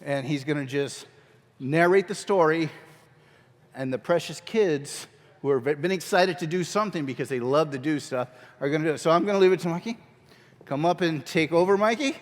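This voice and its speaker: A man's voice: a little high, fairly quick. A man teaching a skit class in a church hall, talking casually, joking, and often restarting sentences. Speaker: drama teacher. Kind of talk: casual workshop instruction. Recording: long reverb of a large hall.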